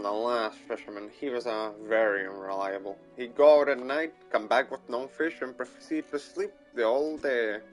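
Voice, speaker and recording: A man voicing a chatty, pompous small-town mayor in a put-on American accent, gossiping in measured tones. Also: lowish voice, close to an everyday voice, rough recording.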